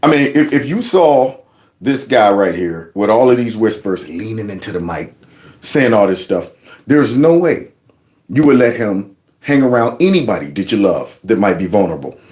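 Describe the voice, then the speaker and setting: A middle-aged man hosting a reaction commentary show, mocking clips in a casual, animated way. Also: fairly low pitch, moderate pace.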